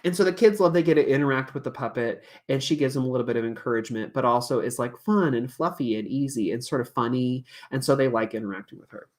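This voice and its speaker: A man's voice: medium pitch, fast, few pauses. A male music teacher giving a chatty workshop talk on using puppets in class. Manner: chatty, animated, demonstrates with puppet voices.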